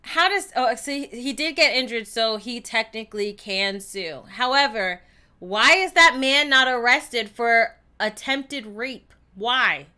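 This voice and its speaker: A woman's voice: a little high, expressive, slow pace, clear, resonant tone. A woman giving casual, outspoken commentary while playing a story game. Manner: chatty, outspoken, reacting loudly to the story. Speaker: gameplay streamer. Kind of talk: casual let's-play commentary.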